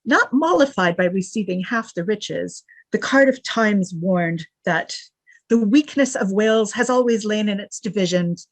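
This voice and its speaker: Woman giving a lively, wry lecture. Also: medium pitch, a little slow, dry recording. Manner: reads quotes with lively emphasis and wry asides. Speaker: guest lecturer. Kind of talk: academic lecture.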